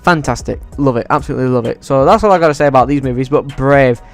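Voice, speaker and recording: A man ranking movies in a casual vlog, excitable and swearing freely. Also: medium pitch, fast, soft background music. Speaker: YouTuber.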